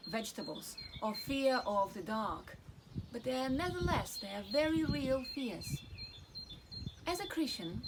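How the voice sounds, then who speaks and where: A woman's voice: a little high, noisy background. A woman teaching children in a church lesson, explaining simply with everyday examples.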